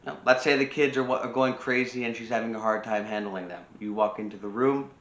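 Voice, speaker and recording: A man's voice: medium pitch, fairly quick, a bit bright, echoey room, muffled recording. A man giving earnest self-improvement advice in a casual monologue, repeating himself and often restarting his sentences. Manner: earnest, repetitive, lecturing with frequent restarts. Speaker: self-improvement video host.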